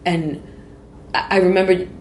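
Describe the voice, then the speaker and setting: A woman's voice: on the low side, flat delivery, moderate pace, background noise. A woman in her forties, a podcast guest, telling a personal story with blunt, profane words and frequent self-interruptions. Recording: echoey room with faint ambience.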